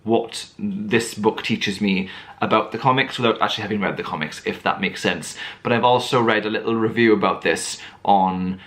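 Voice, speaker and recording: A man's voice: on the low side, normal speed, fairly bright tone. A man chatting to camera as a book vlogger, rambling with lots of fillers and restarts. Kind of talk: casual chat to camera.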